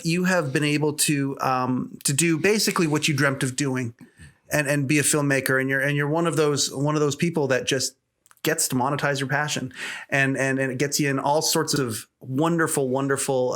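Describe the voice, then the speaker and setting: A man's voice: a little high, a bit bright. A man hosting a podcast, asking long, rambling questions with many restarts and affirming his guest. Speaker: podcast host. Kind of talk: casual podcast interview. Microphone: studio mic.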